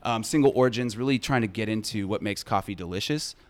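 A man's voice: lowish voice, fast talker. A man chatting casually on a podcast, explaining at length with plenty of fillers and enthusiasm. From United States. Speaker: brand representative guest.

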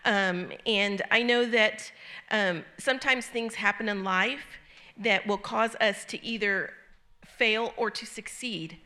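A middle-aged woman with a bright, forceful, medium-pitched voice gives an informal sermon to a small church group. She teaches in a conversational, earnest way, sharing a personal story with frequent ums and restarts.

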